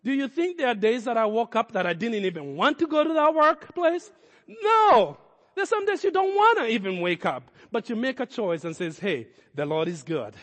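A man's voice: very high voice, very animated, fairly quick, hardly any pauses, fairly bright tone, long reverb tail. A man preaching a sermon as a pastor, speaking in emphatic, repeated declarations.

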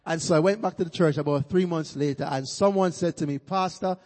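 A man's voice: fairly high pitch, fast talker, dark tone. A Jamaican man preaching as a guest pastor in a church, rousing the congregation with calls for praise. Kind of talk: sermon. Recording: long church-hall reverb.

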